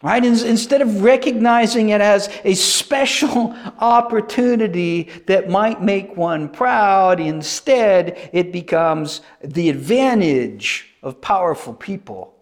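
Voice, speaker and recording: A male preacher giving a sermon, animated and emphatic, repeating phrases for effect. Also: high voice, slow pace, few pauses.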